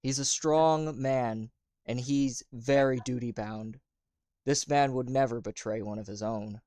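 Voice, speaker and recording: A man's voice: medium pitch, fairly even intonation, measured pace, mellow, no room sound, clean studio sound, close to an everyday voice. A man voicing a loyal, earnest soldier who reassures his comrades. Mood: reassuring.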